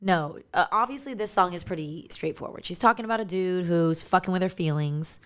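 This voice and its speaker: Low-voiced woman co-hosting a chatty podcast. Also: a bit bright. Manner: upbeat, chatty, quick to plug and banter. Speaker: podcast co-host. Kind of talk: casual chat. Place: podcast studio.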